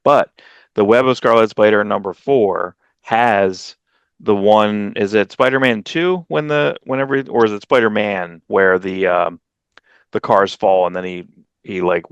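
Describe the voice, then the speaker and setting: A man co-hosting a comics podcast in casual chat, rambling through stories and acting out quotes with sudden leaps in pitch. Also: normal speed, smooth, no room sound, highs cut off. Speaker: podcast co-host.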